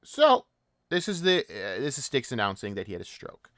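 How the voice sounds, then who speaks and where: A man's voice: mid-range voice, wildly swooping pitch, normal speed, a bit bright, dry recording, studio quality. A man hosting a commentary channel, ranting in a profane, mocking and exasperated way.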